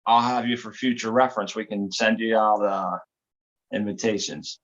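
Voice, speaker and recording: A man's voice: on the low side, little pitch movement, moderate pace, fairly bright tone. A man hosting a casual live stream, chatting in a laid-back, rambling way and laughing at his own stories. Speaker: host. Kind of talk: casual livestream chat. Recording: dull lo-fi stream audio.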